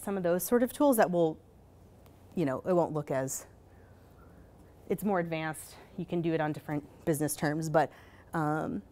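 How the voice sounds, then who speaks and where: A woman giving a conference presentation in a casual, hurried way, full of fillers and asking "right?" as she goes. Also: lowish voice, darkish tone. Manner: casual, many fillers, rhetorical "right?" tags; hurried, self-correcting. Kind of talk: live presentation. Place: conference session.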